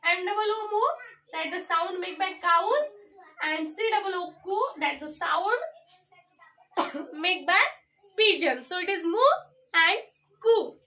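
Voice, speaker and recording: A young woman with an Indian English accent teaches an English class, spelling each word letter by letter. Her voice sits very high and bright, and she talks at a slow, careful pace. She is heard from some distance away from the mic. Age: young adult. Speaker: student teacher.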